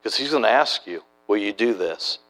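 Pitched on the low side, this middle-aged man speaks at a moderate pace with lively intonation and a somewhat bright tone. A preacher and church planter, he tells stories in his sermon in a folksy, chatty style, often restarting his sentences.

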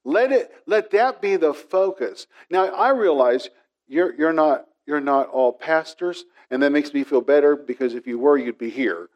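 A man's voice: fairly high pitch, moderate pace. A middle-aged man preaching a sermon, telling a personal story and acting out the voices in it. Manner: storytelling, animated with quoted voices. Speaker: pastor.

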